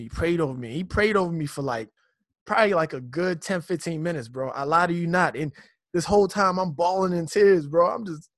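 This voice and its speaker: A young man from Nigeria tells his personal testimony in a loose, animated, slang-heavy way, often repeating himself mid-thought. His voice sits a bit high for a man, and the recording is dry and close. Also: dry recording. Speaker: guest. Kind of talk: personal testimony in casual conversation.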